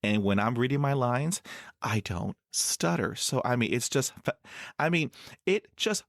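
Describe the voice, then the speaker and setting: A man's voice: medium pitch, expressive, measured pace, vocal fry, no echo, clean studio sound. A middle-aged man hosting an interview podcast, stuttering with blocks and repeated sounds, and filling his talk with "you know". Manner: many "you know" fillers, laughs easily. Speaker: podcast host. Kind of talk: casual conversational interview.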